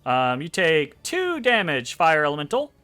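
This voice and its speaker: A man's voice: fairly high pitch, a little slow, smooth, soft background music. A man running a tabletop game as game master, narrating animatedly with frequent ums and swearing. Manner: animated, profane, lots of ums.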